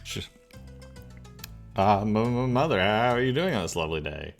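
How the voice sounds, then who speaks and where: A man's voice: lowish voice, sing-song, moderate pace, vocal fry, soft background music. A caught-out bully tomcat, voiced by a male streamer, stammering, overly polite. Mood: sheepish. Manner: stammering, overly formal, sheepish. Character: sheepish young male bully cat with fake accent.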